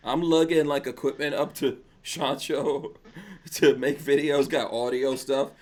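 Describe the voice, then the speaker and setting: A man's voice: mid-range voice, steady tone. A man hosting a podcast, chatting casually and laughing often. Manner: laughs often, quick asides. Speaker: podcast host.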